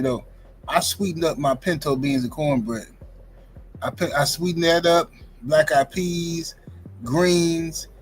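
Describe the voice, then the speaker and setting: Easygoing guy rambling on a podcast, voice a bit on the high side. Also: rough recording. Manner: laid-back, rambling. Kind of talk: casual chat.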